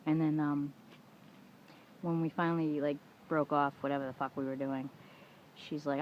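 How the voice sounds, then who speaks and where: With a low-sitting voice, a measured pace, and frequent pauses, a middle-aged woman vents candidly to her camera as a vlogger. She swears freely, leans on "you know," and acts out the arguments she cites. The dull, lo-fi home recording carries faint room noise.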